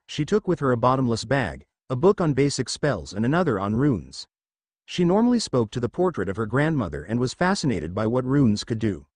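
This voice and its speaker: Expressive male storybook narrator. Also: mid-range voice, no echo. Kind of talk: fanfiction audiobook reading.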